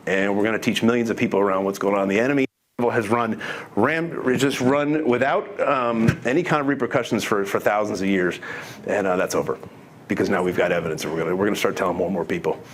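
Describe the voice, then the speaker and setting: A man's voice: on the low side, fast, a little hiss or hum. A middle-aged man telling his testimony to an audience in an earnest, conversational way, restarting sentences often. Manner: earnest, conversational, with many restarts and quoted dialogue. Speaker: speaker giving a testimony.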